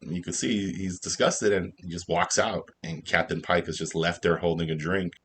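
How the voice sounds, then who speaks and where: A man's voice: sits low, steady tone, normal speed, a bit bright, slightly rough. A man casually recapping and reviewing a TV episode, in a loose, rambling way with plenty of fillers. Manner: loose, filler-heavy retelling. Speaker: TV show reviewer.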